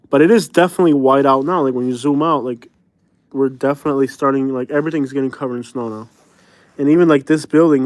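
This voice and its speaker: A man's voice: medium pitch, no room sound. A man chatting casually on a live stream, rambling and chuckling, with frequent fillers and slang.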